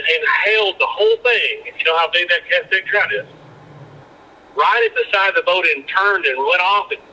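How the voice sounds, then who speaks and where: A former fishing guide talks as a guest on a podcast. He tells rambling stories full of restarts and repeated words. His voice is very bright and sits a little high for a man. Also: rough recording. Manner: rambling anecdotes with many restarts. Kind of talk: casual storytelling chat.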